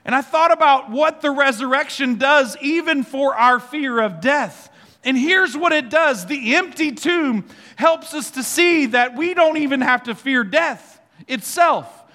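A man preaching a sermon as pastor, animated, leading the congregation to repeat words back. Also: extremely high pitch, unhurried. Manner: animated preaching, leads the congregation in call-and-response. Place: church sanctuary. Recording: reverberant church hall with faint music.

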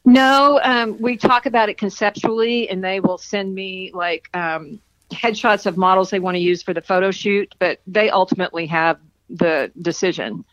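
A woman's voice: medium pitch, moderate pace, a bit bright, dull audio. A woman novelist answering interview questions in a friendly, easygoing way, laughing easily. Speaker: romance novelist guest.

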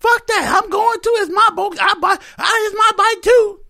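Guy putting on a screechy mad girlfriend, way up high, yelling her head off, gravelly edge. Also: moderate pace, heavily acted. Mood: furious. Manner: shrill shouting. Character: furious woman girlfriend defending her bike.

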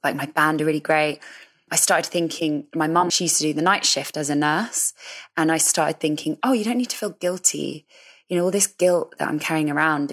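Low-voiced woman, candid and chatty. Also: a bit bright. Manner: chatty, candid, self-deprecating, laughs often. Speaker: musician guest. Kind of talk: candid interview chat.

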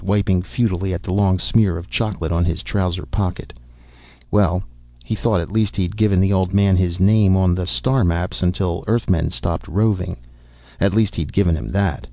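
Deep gravelly male audiobook narrator. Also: steady tone, moderate pace, no room sound. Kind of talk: scripted narration. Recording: dull dry lo-fi recording.

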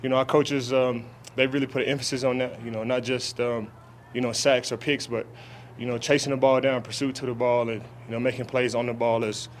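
A man's voice: mid-range voice, level tone, slight background noise. A young adult man, a football player, answering reporters' questions at an outdoor training camp, often restarting his sentences with fillers. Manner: halting, many restarts and fillers. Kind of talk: press conference answers.

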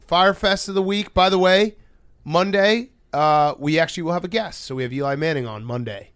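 Male podcast co-host, somewhat high, playful ribbing manner. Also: a little fast, fairly bright tone, clear, resonant tone, no room sound, clean studio sound. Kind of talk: casual chat.

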